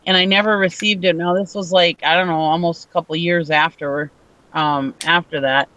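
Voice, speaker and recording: A woman's voice: on the low side, fairly even intonation, moderate pace, a bit bright, lo-fi sound, slight background noise. A woman from Minnesota telling a story in casual chat, laughing often and acting out what people said. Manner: chatty, laughs often, acts out quotes.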